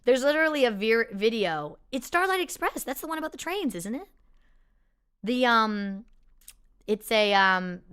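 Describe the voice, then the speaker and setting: A woman's voice: on the high side, animated, moderate pace, a bit bright, clear, resonant tone. A woman hosting a casual question-and-answer chat with viewers, rambling with many fillers and restarts and laughing easily. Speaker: performer hosting a live Q&A.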